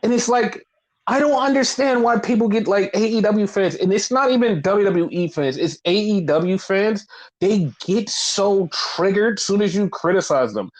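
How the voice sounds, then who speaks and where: High-voiced man ranting profanely. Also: normal speed. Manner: profane, animated, heavy filler "like". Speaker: podcast co-host. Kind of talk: casual critical rant.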